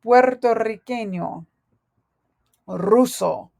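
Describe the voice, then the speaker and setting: A woman teaching a Spanish lesson from her notes, speaking slowly and deliberately and correcting herself aloud as she goes. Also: fairly high pitch, gravelly, darkish tone, dry recording. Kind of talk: recorded lesson reading through notes.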